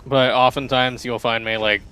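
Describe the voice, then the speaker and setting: A man's voice: mid-range voice, little pitch movement, moderate pace, bright, forceful tone, soft background music. A man casually chatting and rambling as he streams a pirate game, often laughing at himself. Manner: chatty, rambling, self-deprecating. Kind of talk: casual gameplay commentary.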